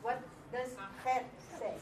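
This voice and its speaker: Patient teacher, woman, slightly high, slow and repetitive, checks in constantly. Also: fairly even intonation, noisy background. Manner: patient, repeats words and checks with "okay?". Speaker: Hebrew teacher. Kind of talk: classroom lesson.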